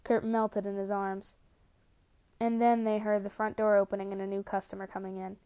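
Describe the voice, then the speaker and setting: A woman reading a romance story aloud with steady, calm narration. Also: mid-range voice, brisk, clean tone. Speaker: reader. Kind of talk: reading fan fiction aloud.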